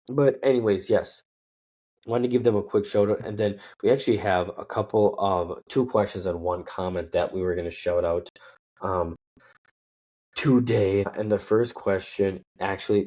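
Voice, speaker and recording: Deep-voiced man rambling about sports. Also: darkish tone. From Minnesota. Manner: rambling, self-correcting, lots of fillers. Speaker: sports podcast host. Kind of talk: casual sports talk.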